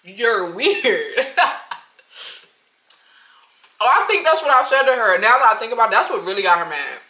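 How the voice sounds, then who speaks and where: A woman in her twenties telling a story-time tale to her viewers, animated and talking straight to them. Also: on the high side, normal speed. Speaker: vlogger. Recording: roomy echo.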